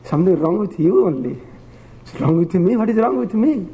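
A man voicing a poor young maid servant who answers a beating with calm mockery, in a spoken sermon story. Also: lowish voice, a little fast, in a large hall, close to an everyday voice. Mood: amused. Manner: calm, mocking retort.

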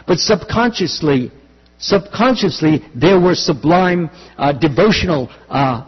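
A man preaching a sermon on scripture in an earnest way, pausing, restarting and often clearing his throat. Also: fairly high pitch. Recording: dull lo-fi sound with long hall reverb.

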